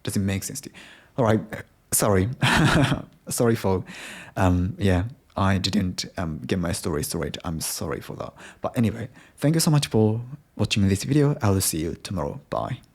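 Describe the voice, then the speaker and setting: A man's voice: sits low, expressive, normal speed, a little mellow, slightly rough. A young Japanese man with a Japanese accent, hosting a casual solo podcast in English, hesitant and full of restarts. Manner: hesitant, many restarts and self-corrections. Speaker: podcast host.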